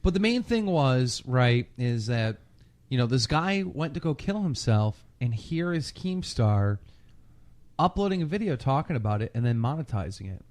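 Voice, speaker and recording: A man chatting casually on a podcast, telling a story with lots of swearing and loud mimicry of other people. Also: mid-range voice, very animated, moderate pace. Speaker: podcast guest.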